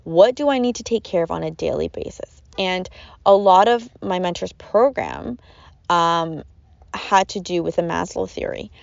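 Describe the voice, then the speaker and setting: A woman's voice: on the low side, normal speed, creaky, no echo. A woman hosting a podcast, giving an earnest, rambling self-help talk that repeats its phrases, in a dull lo-fi recording. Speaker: podcast host.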